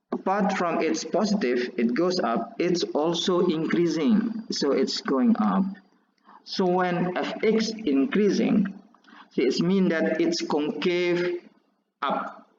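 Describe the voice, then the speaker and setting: A man teaching calculus while drawing graphs, halting and restarting often as he explains. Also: fairly high pitch, animated, a little mellow, a little hiss or hum. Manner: halting, many restarts and fillers. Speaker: math teacher. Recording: echoey, dull lo-fi recording.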